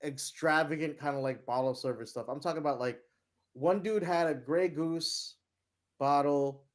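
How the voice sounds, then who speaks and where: A man's voice: on the high side, normal speed. Man from New York, loose rambling storyteller, swears freely, laughs through his story, chatty guest. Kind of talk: casual storytelling.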